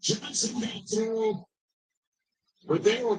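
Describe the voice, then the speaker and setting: A man giving live play-by-play of a football game, describing each play briskly. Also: sits high, rough recording. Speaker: play-by-play commentator.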